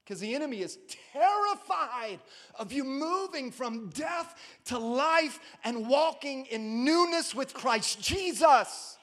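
A man preaching an Easter sermon to a church congregation, calling out to the crowd for a response and swinging between shouted lines and hushed ones. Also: very high voice, lively intonation, takes it slowly. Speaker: pastor. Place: church service before a congregation.

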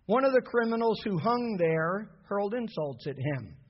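A man preaching an impassioned sermon to his church, building from soft passages to shouted peaks. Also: high-pitched, big pitch swings, normal speed. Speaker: pastor. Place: church sanctuary. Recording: dull lo-fi sound with long hall reverb.

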